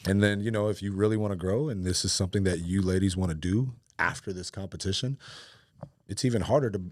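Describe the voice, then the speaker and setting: A man's voice: deep voice, fast talker, dry recording. A man co-hosting a casual podcast as a physique coach, giving blunt coaching advice.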